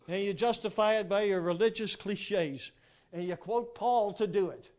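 A man giving an informal sermon, telling stories with animated rhetorical asides and frequent chuckles. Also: high-pitched, moderate pace. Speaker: preacher.

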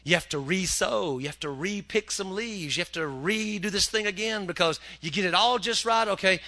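Bright-voiced man preaching a folksy sermon. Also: high voice. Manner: folksy, joking, acts out characters in quick asides. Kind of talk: humorous sermon.

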